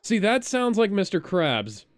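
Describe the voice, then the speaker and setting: A sardonic podcast co-host with a smooth, resonant voice, giving casual, profane reaction commentary. The rants run on, broken up by mocking fake laughter, and the sound is dry and close. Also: medium pitch, sing-song, a little slow, no echo.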